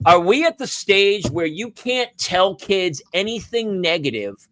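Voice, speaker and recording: A man, a comedian and podcast host, telling a sarcastic story and acting out the shouted quotes. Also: sits high, very animated, unhurried, no room sound. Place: live podcast set.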